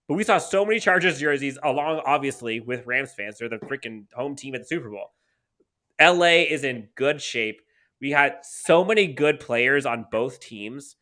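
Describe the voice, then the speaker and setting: Bright, excitable male sports podcast host. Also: mid-range voice. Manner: excited, rambling, restarts often. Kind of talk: casual sports talk.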